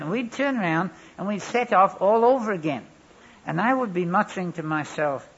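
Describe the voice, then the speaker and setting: A preacher whose husky, breathy voice runs fairly high for a man delivers an expressive sermon at normal speed, weaving in stories with wry, anecdotal humour. The recording quality is dull and lo-fi.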